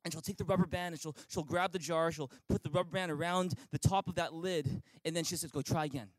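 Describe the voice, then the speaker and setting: A man's voice: fairly high pitch, steady tone, quick pace, no room sound, poor audio. A man preaching as pastor in an online church service, upbeat and inviting, leading listeners in call-and-response. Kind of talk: sermon.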